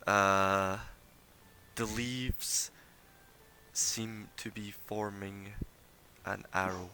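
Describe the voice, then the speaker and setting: A man narrating as game master of a tabletop game, casual and rambling, with filler pauses. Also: on the low side, steady tone, pushed and bright, a little hiss or hum.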